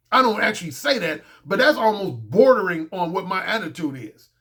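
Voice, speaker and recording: A man's voice: high voice, sing-song, fairly quick, sharp tone. A man talking as a dating coach in a casual monologue, blunt, profane and boastful.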